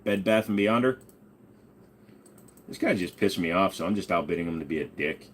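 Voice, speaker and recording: A man's voice: sits low, a little fast, a little hiss or hum. A man hosting a casual ask-me-anything livestream, joking, swearing and reading chat while bidding on items. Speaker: streamer host.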